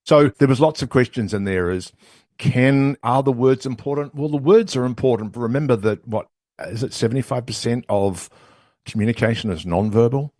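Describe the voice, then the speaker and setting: A middle-aged man with a New Zealand accent, talking as a guest on a podcast and coaching with an animated, conversational manner, often ending points with "right?". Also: medium pitch, moderate pace, dry recording, studio quality. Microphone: studio headphones and mic.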